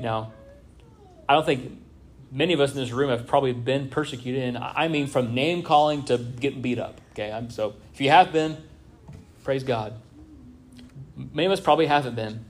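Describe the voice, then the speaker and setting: A man from Southern California preaches to his congregation in a relaxed, conversational way, often tossing out quick questions to the room. His voice sits at an ordinary middle pitch. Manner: conversational preaching with frequent "right?" asides. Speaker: pastor. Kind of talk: sermon. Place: church sanctuary.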